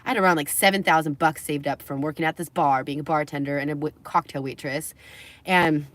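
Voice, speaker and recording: A woman's voice: low voice, fairly even intonation, fairly quick, a bit bright. A young adult woman livestreaming, telling a personal story in a candid, rambling way, swearing and laughing between phrases.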